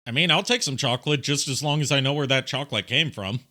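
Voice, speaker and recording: A man with a bright, forward voice talks loosely through a game stream. He rambles, swears without a second thought and laughs at his own jokes, at an ordinary middle pitch. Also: fast. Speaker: stream guest. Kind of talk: casual game-stream chat.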